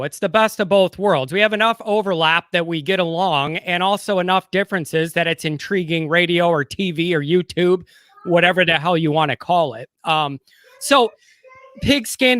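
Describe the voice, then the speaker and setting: A man's voice: high voice, pushed and bright, no room sound, clean studio sound. A man with a Chicago accent co-hosting a casual sports talk show, conversational and steering the topics. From Midwest US. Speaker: show co-host.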